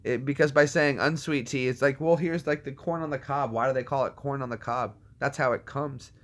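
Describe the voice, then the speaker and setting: Speaking briskly at a medium pitch with fairly even intonation, this male streamer jokes his way through viewer comments. He riffs on movie quotes and does silly voices in a casual chat.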